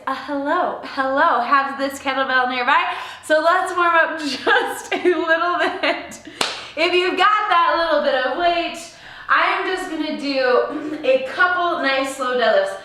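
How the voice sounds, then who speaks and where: Bubbly high-voiced woman fitness instructor. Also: pushed and bright, very echoey. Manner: bubbly, playful, sing-song greetings. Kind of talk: live workout class instruction. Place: home workout space.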